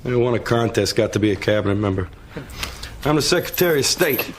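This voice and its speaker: A man's voice: fairly low pitch, lively intonation, fairly quick, a little hiss or hum, close to an everyday voice. A man playing a chirpy, salesy official. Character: cheerful male official who plugs a sponsor.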